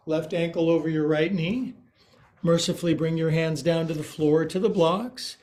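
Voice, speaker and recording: A man's voice: fairly high pitch, fairly even intonation, moderate pace, darkish tone. A man teaching a guided yoga class, calling out poses, counting holds aloud and joking about words along the way. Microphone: livestream from his own space.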